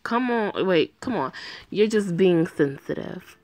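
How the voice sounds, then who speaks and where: A woman's voice: lowish voice, animated, unhurried, a little mellow, dry recording. A woman voicing a mischievous young girl who teases and coaxes her little sister. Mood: teasing. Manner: teasing, pleading.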